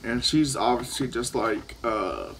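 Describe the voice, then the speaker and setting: Casting: teen boy, medium pitch, loose profane storytelling, keeps restarting sentences. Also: very animated, measured pace, gravelly, fairly bright tone, a little hiss or hum, poor audio. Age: teens. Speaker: vlogger. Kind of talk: casual storytelling while vaping.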